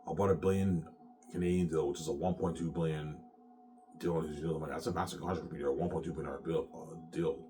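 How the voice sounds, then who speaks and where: A man's voice: a bass voice, steady tone, quick pace, distant mic, noisy background. A man rambling casually to his viewers, repeating himself and tossing in "man" and "yeah". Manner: repetitive, keeps saying "man" and "yeah".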